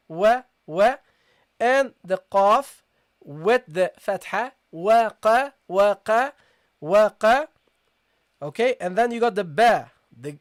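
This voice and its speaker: Using a mid-range voice, a recitation teacher leads a live-streamed lesson online, explaining step by step and demonstrating by slowly sounding out letters. A frequent "okay?" checks that students follow. The audio is studio quality with no room sound.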